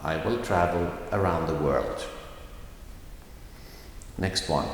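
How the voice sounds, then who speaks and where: A Swedish man teaching a language lesson, slowly modeling phrases with clear stress. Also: low voice, a little hiss or hum. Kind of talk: recorded video lesson. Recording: echoey room with long reverb.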